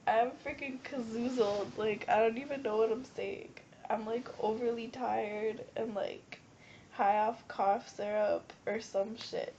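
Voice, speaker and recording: A young woman in her late teens with a stuffy nose and a hoarse cold voice, rambling and giggly as she vlogs. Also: a little high, fairly even intonation, a little slow, mellow. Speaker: vlogger. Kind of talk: rambling casual vlog. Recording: dull lo-fi webcam audio with faint hiss.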